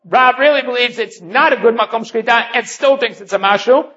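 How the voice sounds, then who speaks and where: A man's voice: very high-pitched, fairly quick, bright, forceful tone. A man giving a daily Talmud lesson, explaining each point step by step and weaving in Hebrew and Aramaic terms. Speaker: Talmud teacher. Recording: dull lo-fi recording.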